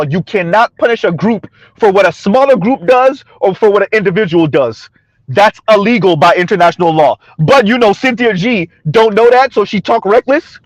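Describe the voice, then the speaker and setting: Speaking in a high voice to his viewers, a commentary vlogger delivers a combative opinion rant full of sarcasm. He goes back over his points repeatedly, laughing between them, and the recording has no room sound.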